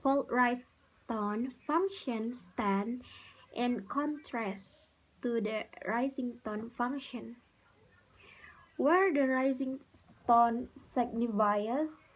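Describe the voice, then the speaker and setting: Slow-reading young woman presenting a lesson. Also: a little high, low-quality recording. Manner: slow, careful reading with restarts. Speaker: student presenter.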